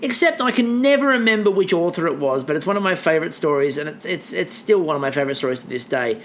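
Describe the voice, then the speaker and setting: A man co-hosting a podcast, recapping in casual chat as a lively storyteller who swears and acts out quotes. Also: a little high, quick pace, slight background noise. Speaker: podcast co-host.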